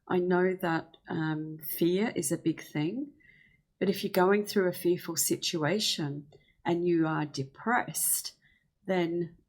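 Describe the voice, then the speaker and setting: A woman giving a gentle, earnest spiritual healing talk, slowing down to speak affirmations. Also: lowish voice. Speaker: spiritual teacher.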